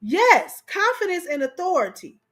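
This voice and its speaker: A woman's voice: very high voice, sing-song, moderate pace, a bit bright. A woman co-hosting a casual chat, telling stories animatedly, repeating phrases for emphasis and talking straight to her audience. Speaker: co-host.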